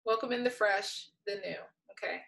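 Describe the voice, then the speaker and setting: A woman giving a casual tarot reading, playful and exasperated, laughing often and swinging between soft mutters and loud outbursts. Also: mid-range voice, normal speed, vocal fry, low-quality recording. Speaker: tarot reader.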